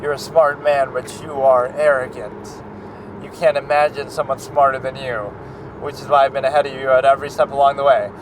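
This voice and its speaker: A man doing a soft-spoken gloating villain. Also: mid-range voice, level tone, noisy background, close to an everyday voice. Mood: smug. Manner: soft-spoken, slow and smug. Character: calm gloating male serial-killer mastermind.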